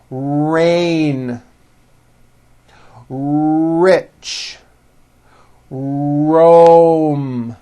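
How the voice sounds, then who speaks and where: A man teaching English pronunciation, drilling words slowly and over-enunciating each sound for the listener to repeat. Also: fairly high pitch. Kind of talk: slow, careful drill teaching.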